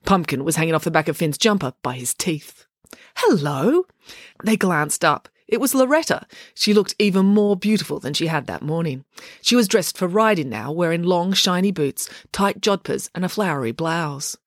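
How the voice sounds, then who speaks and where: Woman reading a kids story, low voice, swoopy, dry close sound. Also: normal speed, dry recording. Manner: expressive storytelling. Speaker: narrator. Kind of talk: audiobook narration.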